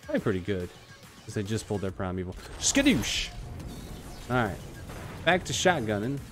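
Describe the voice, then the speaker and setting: Animated man streaming a shooter. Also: lowish voice, fast. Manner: excitable, joking trash talk at opponents. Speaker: streamer playing an online shooter. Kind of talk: live gameplay commentary. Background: faint background music.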